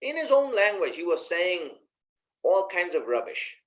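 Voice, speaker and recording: A man's voice: sits high, very animated, a little slow. Conversational male preacher, slightly lo-fi. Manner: conversational, addresses listeners directly with rhetorical questions. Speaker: Islamic preacher. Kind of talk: sermon.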